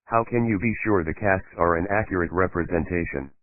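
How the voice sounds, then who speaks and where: A man's voice: deep voice, brisk, no room sound, natural voice. A man voicing a male prosecutor asking plain, businesslike questions in an audiobook. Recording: tinny phone-like dry sound.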